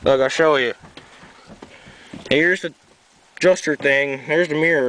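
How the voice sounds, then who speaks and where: A young New York man with a slight Southern tinge, a little sick, rambles offhandedly outdoors in the cold as he shows his truck to a handheld camera, swearing casually in a casual walkaround. His fairly high, fairly bright voice holds a steady tone at a measured pace, with slight background noise and poor audio.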